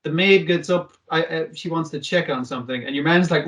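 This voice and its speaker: A man's voice: a little high, a little fast, few pauses, recorded from a distance. A man co-hosting a podcast, recapping an anime episode in casual chat, swearing and acting out the characters' lines. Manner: sweary, animated, acts out quotes. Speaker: podcast co-host.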